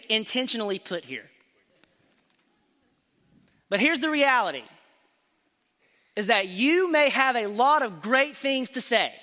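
A man preaching a sermon to a congregation, earnest and emphatic, slowing down to stress key phrases. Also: sits high, sharp tone. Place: church sanctuary. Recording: church hall reverb.

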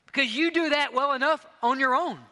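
A male pastor preaching a sermon in a church, impassioned, swinging between loud emphatic bursts and hushed intimate passages. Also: very high voice, brisk. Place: church sanctuary. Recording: long reverb of a large hall.

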